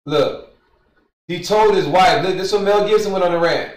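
A man streaming, reading texts aloud and commenting in an emphatic, animated way, often repeating his points. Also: sits high, normal speed, far from the mic. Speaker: streamer reacting to news. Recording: roomy, away from the mic.

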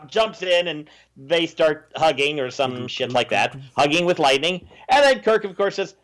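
A man hosts a casual movie review chat, sarcastic and scornful of the plot. His voice sits high for a man. He keeps mocking the characters as he goes. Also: expressive, normal speed, fairly bright tone. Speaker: podcast host.

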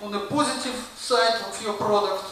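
A man from Russia with a Russian accent, doing a stand-up comedy set on stage with a deadpan, ironic delivery. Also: high voice, normal speed. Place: stage at a live show. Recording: very echoey, distant, noisy room mic.

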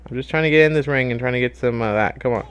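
A young man giving casual gameplay commentary as a YouTuber, excitable, swearing and yelling at the game. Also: medium pitch, rapid-fire, clean tone. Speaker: gaming YouTuber.

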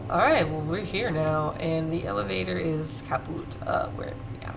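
A man giving let's play commentary as a gaming YouTuber, talking to himself with jumpy, excitable exclamations. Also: a little high, moderate pace, gravelly, hardly any pauses, faint music behind. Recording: noisy home recording.

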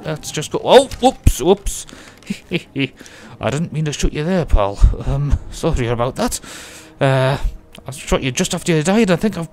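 Gravelly man. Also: a little high, big pitch swings, measured pace, hardly any pauses, a little mellow, a little hiss or hum. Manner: chatty, jokey, talks to himself while playing. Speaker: let's play host. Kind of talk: casual gameplay commentary.

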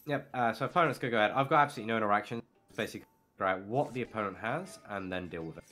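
A low-voiced man talks quickly through his own card game match, explaining plays in a matter-of-fact way. Faint music plays in the background. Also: sharp tone. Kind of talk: casual game commentary.

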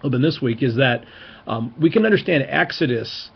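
A man's voice: mid-range voice, expressive, moderate pace, creaky, slightly rough, muffled recording. A man giving an informal, enthusiastic Bible teaching lecture, stressing key words as he explains.

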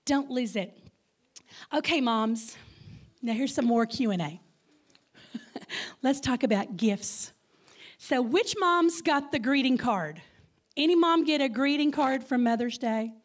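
A woman in her fifties with a Texas accent gives a Mother's Day sermon as a guest speaker. Her voice sits a little high, and her delivery is lively and playful. She keeps calling out questions to the congregation. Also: takes it slowly, long pauses. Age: 50s. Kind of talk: Mother's Day sermon with audience call-and-response.

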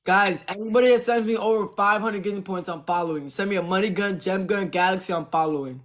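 High-voiced young man streaming live. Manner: fast promotional shout-outs to viewers. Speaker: livestreamer. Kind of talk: casual livestream chat.

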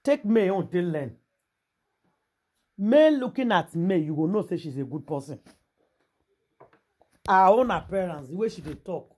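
A man with a Nigerian Pidgin English accent and a somewhat high, husky voice. He gives casual vlog commentary and preaches to his viewers. He asks them rhetorical questions and talks straight at them. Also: expressive, measured pace, long pauses, darkish tone. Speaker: gossip vlogger.

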